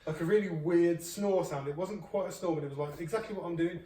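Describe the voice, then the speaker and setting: Animated man telling a story. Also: fairly high pitch, fast talker. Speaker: friend of the host. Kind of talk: casual chat. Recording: echoey room, distant mic, faint noise.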